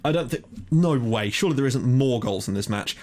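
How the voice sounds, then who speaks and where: Excitable man commentating a game. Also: mid-range voice, a little fast. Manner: excitable, swearing, thinks aloud. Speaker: gaming commentator.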